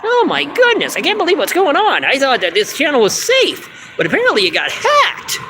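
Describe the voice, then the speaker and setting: A man's voice: extremely high pitch, wildly swooping pitch, a little fast, background noise, voice pushed up, full character voice. A man voicing a timid, needy male puppet fireman who craves attention and gets his feelings hurt easily. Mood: alarmed.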